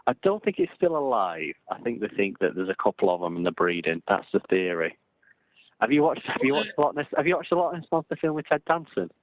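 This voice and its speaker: Mid-range in pitch but swinging widely, the English co-host talks a little fast on a casual live stream, looping back, repeating himself and restarting often. There's no room sound, just a tinny, dry phone-like quality.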